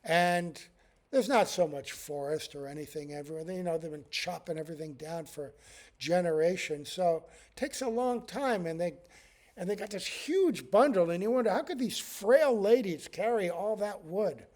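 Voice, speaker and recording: A man's voice: high-pitched, moderate pace, a little mellow. A man, a monk, giving a devotional scripture class in a conversational way, chuckling often and using many fillers.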